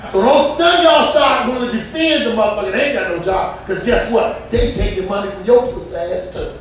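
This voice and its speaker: A male stand-up comedian telling a loud, profane story with bursts of shouting. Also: very high-pitched, a little hiss or hum. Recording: echoey room, distant mic.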